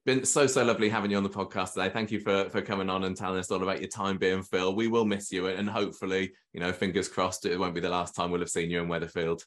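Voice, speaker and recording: A man's voice: deep voice, flat delivery, fast talker, hardly any pauses, a bit bright. Man hosting a podcast. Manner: friendly, laughs often. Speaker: podcast host. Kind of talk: casual podcast chat.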